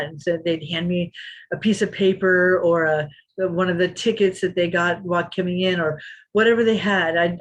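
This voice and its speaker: Brief: husky woman in her fifties, lively storyteller acting out the quotes. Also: fairly low pitch, rough recording. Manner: animated, acts out quotes. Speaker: interview guest, former kickboxing champion. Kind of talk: storytelling in a podcast interview.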